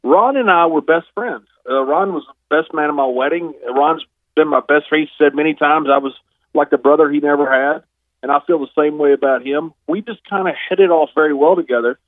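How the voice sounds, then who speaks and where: A man in his fifties telling stories as a guest on a phone interview, relaxed and chuckling now and then. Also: on the high side, a little fast, no echo. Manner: relaxed storyteller, chuckles often. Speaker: guest, retired pro wrestler. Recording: dry tinny phone line.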